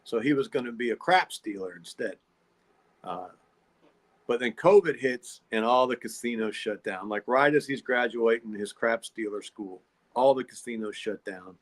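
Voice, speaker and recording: A man's voice: medium pitch, moderate pace. Folksy rambling man. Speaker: podcast host. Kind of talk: casual storytelling monologue.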